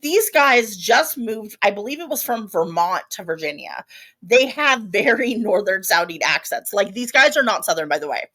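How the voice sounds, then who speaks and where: A woman's voice: mid-range voice, expressive, moderate pace, pushed and bright. A woman co-hosting a podcast, telling a story in casual chat with many asides and restarts. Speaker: podcast co-host.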